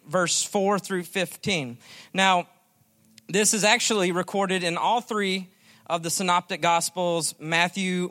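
Guest preacher, male, high bright voice, folksy storyteller who slows for emphasis. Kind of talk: sermon.

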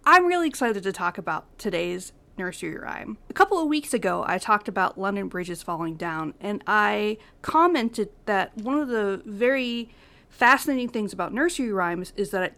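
A woman's voice: mid-range voice, expressive, moderate pace, a bit bright. A young woman hosting an educational podcast, reading her prepared script in an earnest, upbeat way. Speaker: podcast host.

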